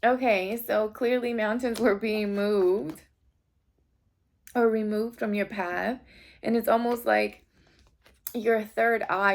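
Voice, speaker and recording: A woman giving a casual tarot reading, talking straight to her viewers in a rambling, heartfelt way. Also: medium pitch. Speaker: tarot reader.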